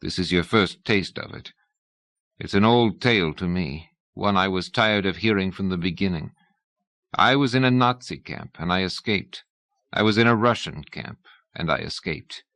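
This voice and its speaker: A man reading an audiobook, voicing a bitter, weary male prisoner who speaks hollowly and low. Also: normal speed, fairly bright tone, no echo.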